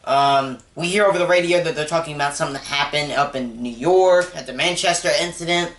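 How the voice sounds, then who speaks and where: A young man giving a casual, rambling movie review, excitable and full of restarts. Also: a little high, a little fast. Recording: roomy echo.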